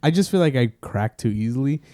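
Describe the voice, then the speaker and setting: Podcast co-host, man, relaxed and expressive, dry close mic, casual swearing. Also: medium pitch, quick pace, no echo. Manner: laid-back, laughs easily, swears casually. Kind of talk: casual chat.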